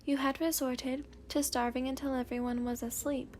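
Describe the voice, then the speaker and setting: Soft-spoken woman reading a sleepy story. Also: high-pitched, little pitch movement, a little hiss or hum. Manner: slow, hushed second-person narration with soft whispers. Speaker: fanfiction reader.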